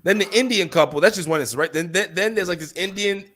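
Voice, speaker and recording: A young male podcast co-host talks quickly in a high voice. Chatting casually and profanely, he tells a lively story and acts out each person's lines.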